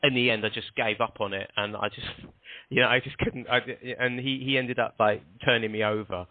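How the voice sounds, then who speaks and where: A man tells long, rambling stories in a casual interview, often stopping and restarting. He speaks at an ordinary middle pitch. The sound is dry and thin, like a phone line. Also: steady tone, brisk, no room sound. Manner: rambling anecdotes, frequent restarts. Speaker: guest.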